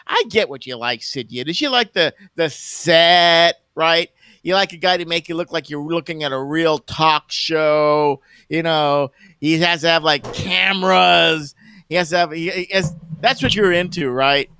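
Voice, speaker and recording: A man with a high, bright, edgy voice rants to his stream chat, tripping over and repeating words as he mocks people. The sound is close and dry, with no room around it. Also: normal speed, clean tone, no room sound. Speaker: livestream co-host. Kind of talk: casual ranting stream chat.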